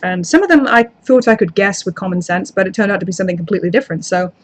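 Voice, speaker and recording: A woman's voice: medium pitch, very fast, slight background noise. A woman YouTuber in casual live chat, answering viewer comments in a rambling, chatty way with self-deprecating asides.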